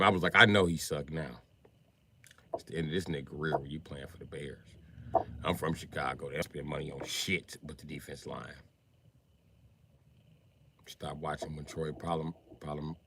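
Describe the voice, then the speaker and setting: A man with a deep, forceful voice talks casually on a live stream. He rants with plenty of profanity, often jumping from muttered asides to loud, animated outbursts. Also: moderate pace, pauses often, a little hiss or hum.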